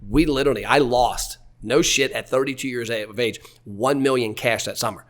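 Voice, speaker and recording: Guy in his 40s on a podcast, blunt storyteller, swears casually, mid-pitched. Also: moderate pace, a bit bright. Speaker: podcast guest, marketer.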